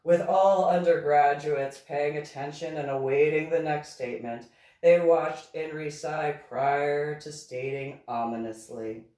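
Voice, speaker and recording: A woman, an author, reading her own novel aloud slowly and deliberately. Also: fairly even intonation, mellow. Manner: slow, deliberate reading with a wide pitch swing. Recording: echoey room, far from mic.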